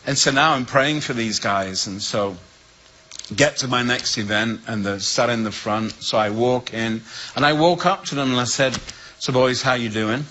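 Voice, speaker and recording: A man with an English accent, a guest speaker telling a humorous personal story with lively voices for the people in it. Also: mid-range voice, moderate pace, slight background noise, low-quality recording. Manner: lively storyteller who acts out the voices in his tale.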